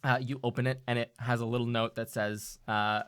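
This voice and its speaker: A game master narrating a tabletop game, talking in a halting way with many fillers and theatrical flourishes. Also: medium pitch, little pitch movement, clear, resonant tone, dry recording.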